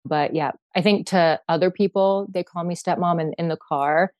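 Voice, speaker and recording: A woman's voice: on the low side, fairly even intonation, moderate pace, darkish tone, dry recording. A young woman with a Canadian accent, chatting as a podcast guest and filling her speech with "like". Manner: chatty, heavy use of "like". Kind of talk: casual chat.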